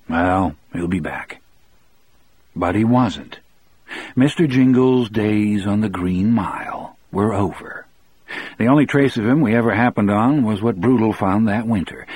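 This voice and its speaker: Slow husky male audiobook narrator. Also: on the low side, darkish tone, dry recording. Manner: measured, unhurried storytelling.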